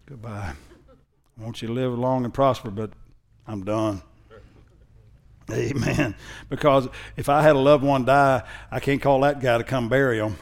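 A man preaching a sermon in a conversational way that builds into loud, emphatic preaching, often using a sarcastic tone. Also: medium pitch, steady tone, creaky. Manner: reads scripture in a slow, mocking sarcastic tone. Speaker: pastor.

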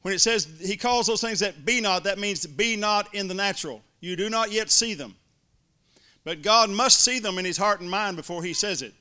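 A man's voice: high-pitched, normal speed, sharp tone, clean tone. A male preacher, delivering an emphatic sermon to a congregation and mimicking complainers in little voices. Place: church before a congregation.

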